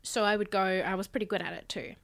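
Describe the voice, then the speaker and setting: A woman co-hosting a podcast, telling stories in a relaxed, chatty way. Her laughter comes through easily as she talks. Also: medium pitch, fast, gravelly. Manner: chatty storytelling, laughs often. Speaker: podcast co-host. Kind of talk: casual chat.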